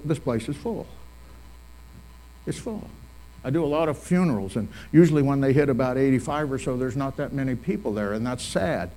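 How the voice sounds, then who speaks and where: Male pastor, folksy eulogy storyteller, mid-pitched, repeats lines for weight. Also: a little mellow, rough recording. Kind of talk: funeral eulogy. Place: full funeral service hall.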